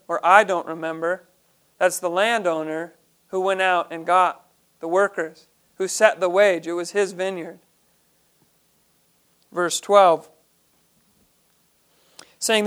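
A man's voice: sits high, fairly bright tone, smooth. A man leading a Bible study, reading each verse aloud and then explaining it in plain, earnest terms.

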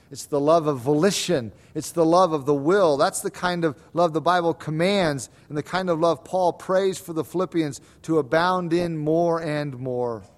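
A pastor preaching a sermon, swinging between soft lines and emphatic, repeated calls. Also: male voice, a little high. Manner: repeats words for stress.

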